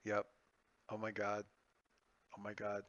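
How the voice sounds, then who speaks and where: Man, game master, bright crisp voice, excitable, stop-start speech, slightly muffled dry recording. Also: lowish voice, no echo. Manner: excitable, halting with many restarts. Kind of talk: out-of-character table talk.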